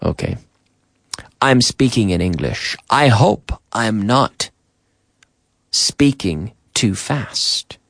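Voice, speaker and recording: Slow, gravelly man teaching English. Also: on the low side, very animated, fairly bright tone, no echo, clean studio sound. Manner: slow, repetitive drilling with Spanish glosses. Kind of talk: radio English lesson. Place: radio studio.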